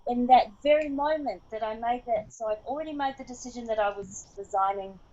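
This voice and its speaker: A woman's voice: on the high side, a little fast, mellow. An Australian woman hosting a motivational group talk, enthusiastic and encouraging, laughing often. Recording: dull lo-fi sound.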